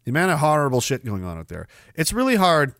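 A man's voice: a little high, huge pitch swings, quick pace, fairly bright tone, no room sound, studio quality. A man hosting a podcast, ranting in a sneering, mocking way. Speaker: podcast host. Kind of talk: ranting commentary.

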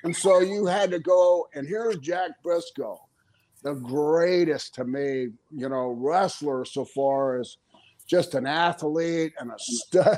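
A man's voice: a little high, takes it slowly, darkish tone. An older man, a former pro wrestler, telling stories in a casual interview. He talks animatedly, laughs often and acts out the things people said.

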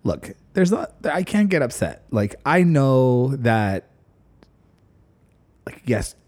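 Animated man telling workout stories. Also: medium pitch, slow pace. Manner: animated storyteller, acts out quotes loudly. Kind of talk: casual chat.

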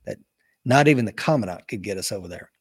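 A man's voice: on the low side, fast, husky. A man telling his own stories in an interview, bringing the people he quotes to life as he goes. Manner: animated storyteller acting out quoted voices. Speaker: interview guest, retired Marine officer. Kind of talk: casual storytelling interview.

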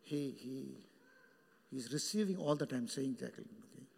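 A male pastor preaching a sermon, animated and joking with the congregation by name. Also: medium pitch, moderate pace, vocal fry, slightly rough, in a large hall. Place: church hall.

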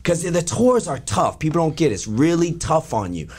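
A man's voice: fairly high pitch, very animated, normal speed, darkish tone, breathy edge. Profane laid-back storytelling man. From Los Angeles area. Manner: loose, profane, laughing storyteller. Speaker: guest performer. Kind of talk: casual storytelling.

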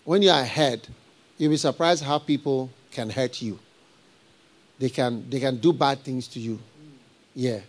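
A middle-aged man preaching a live sermon, animated and laughing, firing rhetorical questions at his congregation. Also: mid-range voice. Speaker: pastor.

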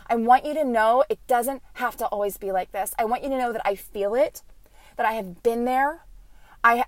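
A woman's voice: fairly high pitch, no room sound. A woman in her thirties hosting a motivational podcast as a coach, talking in an emphatic, earnest and encouraging way.

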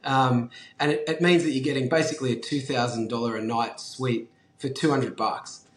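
A man with an Australian accent, a guest telling a story in a casual, animated way, swearing freely and saying "like" and "um" a lot. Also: medium pitch, moderate pace, echoey room. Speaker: guest, brand founder.

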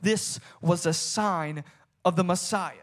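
High-voiced preacher man, dramatic sermon. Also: takes it slowly. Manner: dramatic, swings between soft storytelling and shouted climaxes; reads scripture aloud in King James wording.

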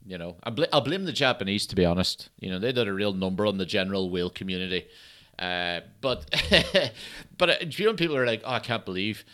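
Sweary man, low voice. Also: expressive, brisk, a bit bright. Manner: rambling, sweary comic rants. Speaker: podcast host. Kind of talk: solo comedy podcast chat. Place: at home.

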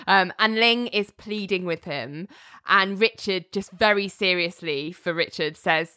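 A woman's voice: fairly low pitch, a little slow, pushed and bright, clean tone. A woman co-hosting a podcast who casually recaps a TV episode, laughing often and swearing now and then. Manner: retells scenes with quoted character lines, laughs often, swears casually. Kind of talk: casual chat, animated recap.

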